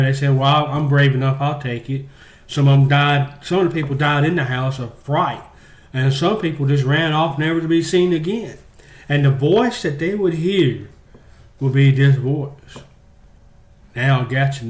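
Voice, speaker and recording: Man, rambling joke teller, halting, many fillers, mid pitch, echoey room. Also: darkish tone.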